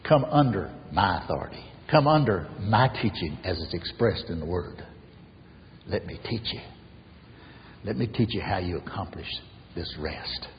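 Male preacher, low voice, pulpit delivery that rises loud and drops hushed; long reverb, faint hiss. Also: lively intonation, measured pace, dull audio. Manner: emphatic, repetitive preaching, swinging from loud to hushed. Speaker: pastor. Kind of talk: sermon. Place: church sanctuary.

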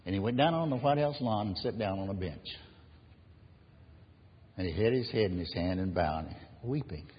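A man preaching a sermon and telling stories, unhurried, letting his phrases drop to a hushed close. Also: on the low side, lively intonation, husky. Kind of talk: sermon with storytelling. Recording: echoey hall, dull lo-fi sound, faint hiss.

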